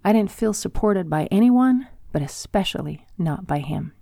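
An older woman hosting her own podcast and reading aloud from her memoir in a calm, measured way. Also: medium pitch, gravelly, dry recording, studio quality. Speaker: podcast host and author.

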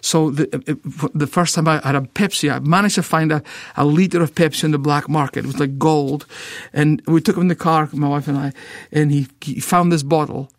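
Captured in a clean, dry studio recording, this guest's voice is a little high, a little fast, and fairly even in intonation. He's a middle-aged Scot who founded a ministry, vividly sharing an emotional testimony while stammering and repeating words.

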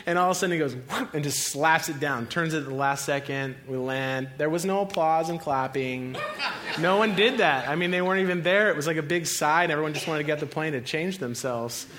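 Preaching in a relaxed, story-driven style, a young pastor frequently laughs and mimics the voices of the characters he describes. He sounds a little high and fairly quick, with some background noise.

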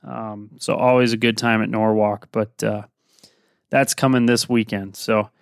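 Smooth-voiced man recapping races casually. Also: on the low side, a little slow, no echo, studio quality. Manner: relaxed, rambling with many fillers. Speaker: podcast host.

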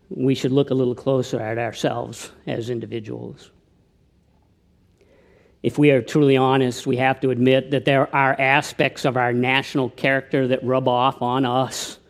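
A man preaching a sermon, who tells anecdotes and often drops to a hushed tone for his appeals. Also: medium pitch. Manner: tells anecdotes, with slips and restarts. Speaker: pastor.

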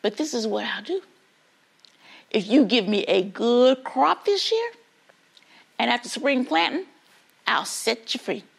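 A woman voicing a stern old male plantation master who speaks in a low, measured, commanding way. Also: sing-song, gravelly, husky, exaggerated voice. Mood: solemn.

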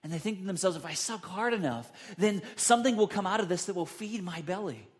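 Guy preaching, slightly high voice, acts out the quotes big and loud. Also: animated, fast. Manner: dramatic, acts out quotes with big pitch jumps. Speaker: pastor. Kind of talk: sermon.

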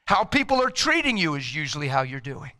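A middle-aged man preaching a sermon in an energetic, emphatic, conversational way. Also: a little high, fairly quick.

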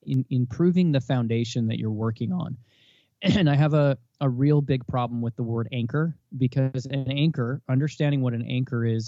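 A man's voice: medium pitch, no room sound, muffled recording. A man in his thirties, a guest in a casual interview, talking earnestly and acting out the dialogue he recounts. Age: 30s. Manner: earnest, animated, acts out quoted dialogue. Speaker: podcast guest.

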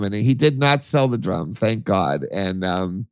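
A man telling a story on a podcast in a casual way, laughing often and acting out his own excited voice. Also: lowish voice, unhurried, clean tone, no room sound, studio quality. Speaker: podcast co-host, archivist.

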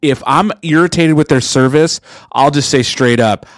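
A man's voice: a little high, normal speed, no room sound, studio quality. A man co-hosting a podcast, talking casually and acting out quoted people as he goes. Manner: chatty, drops into quoted voices. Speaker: podcast co-host. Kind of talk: casual chat.

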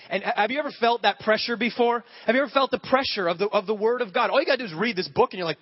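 A man preaching a sermon as a pastor, telling stories with animated acted-out voices. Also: sits high, rapid-fire, hardly any pauses. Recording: dull lo-fi sound.

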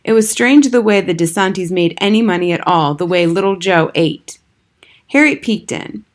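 A woman reading a children's book aloud as narrator, steady and expressive. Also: lowish voice, a little fast. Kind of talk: scripted storybook narration.

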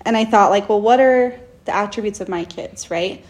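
A woman's voice: mid-range voice, moderate pace. A young woman co-hosting a podcast in casual chat, talking earnestly and with enthusiasm. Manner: earnest, enthusiastic, animated in quoted speech. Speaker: podcast co-host.

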